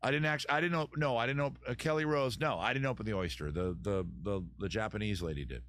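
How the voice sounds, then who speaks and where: A man's voice: lowish voice, quick pace, a bit bright, dry recording, studio quality. A middle-aged man hosting a casual live stream, answering viewer comments in a rambling way, often restarting sentences and swearing casually.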